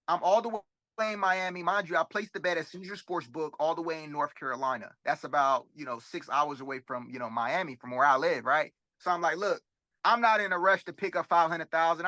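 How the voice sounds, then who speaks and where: A young man from Florida, a rapper guesting on an interview show, telling a story in a casual, animated and profane way and acting out the dialogue. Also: high voice, no room sound. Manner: animated, profane, acts out quoted dialogue, frequent tag questions. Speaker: rapper and sports bettor, guest.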